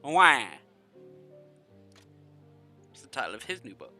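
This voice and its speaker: A man's voice: mid-range voice, animated, fast, bright, forceful tone, soft background music. A man streaming a game live, reading game text aloud with groans and exclamations. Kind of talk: live gameplay commentary.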